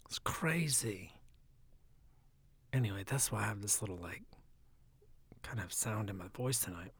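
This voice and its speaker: A man with a raspy, phlegmy throat, talking in a soft, often half-whispered, rambling casual monologue. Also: lowish voice, lively intonation, measured pace.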